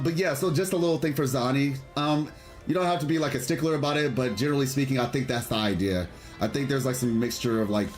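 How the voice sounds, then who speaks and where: Chatty male gaming streamer. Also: mid-range voice. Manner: chatty, rambling, enthusiastic, reads chat aloud. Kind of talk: casual livestream chat and game commentary.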